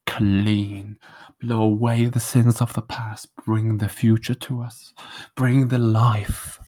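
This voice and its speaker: A man's voice: lowish voice, level tone, takes it slowly, dark tone. A man hosting a podcast, talking in a playful, mock-romantic and theatrical way. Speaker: podcast co-host. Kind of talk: joking podcast monologue. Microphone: studio microphone.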